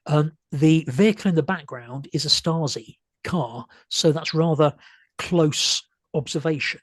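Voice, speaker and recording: A man with a husky, slightly higher-pitched voice walks an audience through pictures in a hesitant, stop-start way, full of ums and restarts. He is losing his voice a little, and the sound is dry and close. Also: a little slow, dry recording. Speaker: speaker giving a talk. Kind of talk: illustrated history talk.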